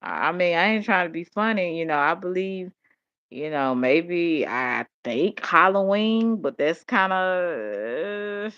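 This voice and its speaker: An older woman, talking in a rambling, animated monologue. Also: fairly low pitch, slow pace, clear, resonant tone. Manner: rambling, animated storytelling with vernacular speech. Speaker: vlogger. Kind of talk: casual monologue. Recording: dull lo-fi audio.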